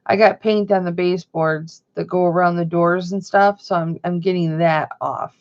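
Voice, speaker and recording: A woman's voice: lowish voice, steady tone, normal speed, a little mellow, highs cut off. A woman vlogging from home in a rambling, chatty way. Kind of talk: casual chat.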